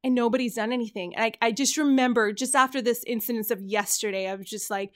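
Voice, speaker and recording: A woman's voice: a little high, steady tone, fast, a bit bright. A woman in her thirties telling a story in casual chat, earnest and rambling, often restarting her sentences. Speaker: podcast host.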